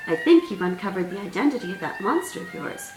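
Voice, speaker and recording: A woman with a mid-range, natural, very animated voice and a fast delivery plays a small, wise male caterpillar who lectures patiently with mild exasperation. The sound is roomy and distant-miked, with faint music.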